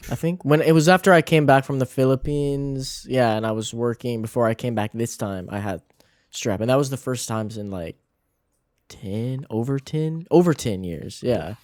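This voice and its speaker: Chill guy on a podcast mic, mid pitch, tossing in bro and dude, dry sound. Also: normal speed, a little mellow, no room sound. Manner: laid-back, slangy, reacting with short interjections. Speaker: podcast co-host. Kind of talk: casual chat.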